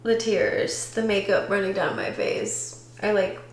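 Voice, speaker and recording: Slow-talking young woman with vocal fry. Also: mid-range voice, very animated. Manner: soft, halting and reflective, with many pauses and fillers. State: tearful. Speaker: vlogger. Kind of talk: emotional personal vlog. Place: apartment bedroom, indoors.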